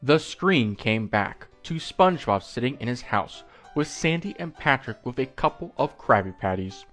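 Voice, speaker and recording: A man reading a creepy fan story aloud, slowly, breaking off for joking asides and corrections. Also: lowish voice, a bit bright. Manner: slow, with asides and self-corrections. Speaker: creepypasta reader.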